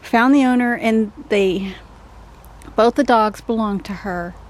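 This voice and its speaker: Speaking at a measured pace in a voice on the high side, a Texas woman films a casual outdoor vlog. On sweltering rural property, she soothingly coaxes stray dogs and talks to the camera.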